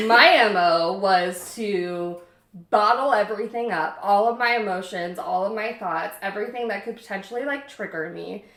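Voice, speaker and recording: A woman chats casually with her sister in a home kitchen, her voice at an ordinary middle pitch. She rambles through her stories and laughs often. The room gives her voice a roomy, echoing sound. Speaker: guest, host's sister. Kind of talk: casual chat.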